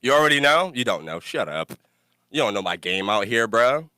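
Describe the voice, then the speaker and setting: A young man hosts a casual podcast with a bright, forward voice, and he tells his stories in an animated, laughing way. The sound is dry and close, with no room around it. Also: mid-range voice, a little fast, clean tone, no room sound. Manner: animated storytelling, laughs often, cusses freely. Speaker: podcast host.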